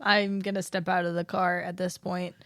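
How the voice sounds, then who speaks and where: A woman's voice: fairly low pitch, little pitch movement, moderate pace, a bit bright, no echo, studio quality. A woman playing a tabletop game, chatty, with laughing asides.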